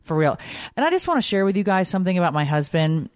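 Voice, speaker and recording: A woman's voice: on the low side, very animated, fast talker, no echo, studio quality. A woman in her forties hosting a podcast, chatting casually and telling family stories in an emotional, gushing way. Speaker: podcast host. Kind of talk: casual chat.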